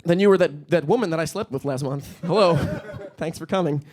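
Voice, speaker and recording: Deadpan young stand-up comedian, fairly high voice. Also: male voice, moderate pace. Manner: deadpan, with sudden high-pitched panicky voices for punchlines. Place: comedy stage at a live-streamed event.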